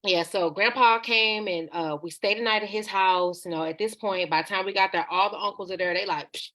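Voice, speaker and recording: Her voice is mid-range and fairly bright, a little fast, with a slight hiss or hum in the recording. A woman guesting on a podcast, she recounts a personal story frankly and conversationally, drifting into acted-out quotes.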